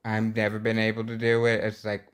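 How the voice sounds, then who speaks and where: Halting young man in casual talk. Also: fairly low pitch, monotone. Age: young adult. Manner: halting, fillers like "like", self-conscious laughs. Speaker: student guest. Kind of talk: casual chat.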